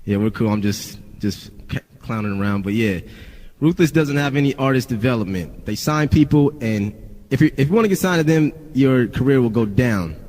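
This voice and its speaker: A man's voice: medium pitch, animated, moderate pace, a little mellow. Rambling rapper man, long reverb. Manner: rambling, profane, lots of "you know". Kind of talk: casual storytelling vlog.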